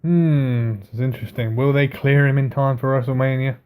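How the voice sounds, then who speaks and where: A man's voice: medium pitch, fairly even intonation, a little fast, a little mellow, a little hiss or hum. A man co-hosting a wrestling recap, chatty and joking, asking questions and guessing at storylines. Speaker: podcast co-host. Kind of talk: casual wrestling recap chat.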